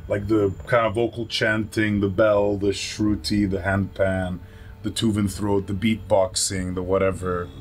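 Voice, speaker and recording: A man in his thirties, a musician from a Lebanese family, chatting in a relaxed, jokey way in his home studio. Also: lowish voice, unhurried. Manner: laid-back, jokey, laughs easily. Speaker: musician, guest. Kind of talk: relaxed casual chat.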